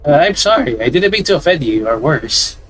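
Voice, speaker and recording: A man's voice: on the high side, sing-song, fairly quick, fairly bright tone. A man reading the lines of an apologetic young woman curious about her friend, hesitant and often restarting phrases. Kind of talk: reading visual novel dialogue aloud.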